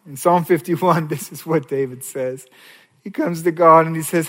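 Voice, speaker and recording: A male pastor delivering a sermon, moving between hushed pleading and raised, emphatic preaching. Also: on the high side, fairly even intonation, normal speed. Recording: long hall reverb.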